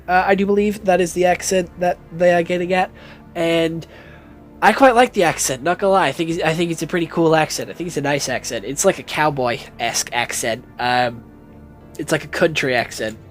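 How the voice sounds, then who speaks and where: A man's voice: on the high side, a little fast, faint music behind. A young man talking casually through a film review, with lots of fillers and free swearing. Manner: chatty, swears freely, many fillers.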